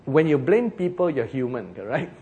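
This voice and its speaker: A man preaching a sermon in a Singaporean English accent. He is animated and joking, and he slows down for emphasis. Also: mid-range voice, narrow, tinny audio.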